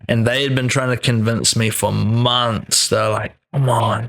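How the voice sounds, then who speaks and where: A man's voice: medium pitch, a little slow, gravelly. Easygoing New man. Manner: relaxed, laughing, easygoing storyteller. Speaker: guest. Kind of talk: casual chat.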